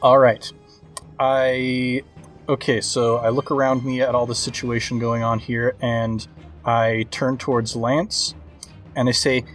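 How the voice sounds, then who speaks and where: A man's voice: medium pitch, flat delivery, measured pace, faint music behind. A man playing a tabletop role-play game, plainly declaring his character's actions. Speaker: player.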